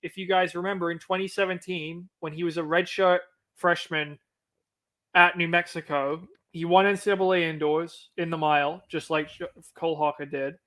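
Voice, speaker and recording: A man's voice: fairly high pitch, fairly even intonation, normal speed, fairly bright tone. A man co-hosting a casual sports recap, reeling off results and details like an analyst. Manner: detail-heavy, stats-reciting analyst. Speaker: co-host.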